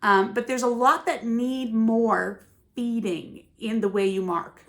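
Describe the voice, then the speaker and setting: A woman's voice: on the high side, steady tone, takes it slowly. A woman who teaches ballet, giving emphatic, musical teaching tips and often checking in with "yeah?" and "right?". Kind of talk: teaching tips to camera, with sung counts.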